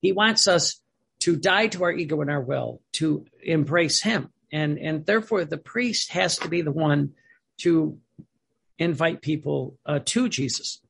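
Older man in his seventies, priest, sermon, rambling, chuckling, slightly raised pitch, husky. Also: animated, a little slow, fairly bright tone. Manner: rambling, many restarts, chuckling. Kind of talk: sermon with personal stories.

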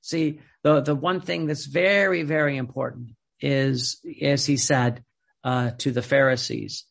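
A man's voice: medium pitch, fairly even intonation, a little slow, creaky, a bit bright. A man preaching a sermon in an emphatic, repetitive way, often restarting his sentences.

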